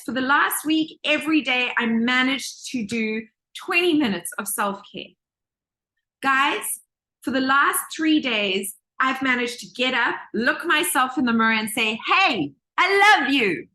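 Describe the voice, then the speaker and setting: A woman teaching a manifestation course to a group on a video call, lively and acting out voices as she talks. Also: high voice. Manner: animated, acts out quoted voices. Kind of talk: live online group session.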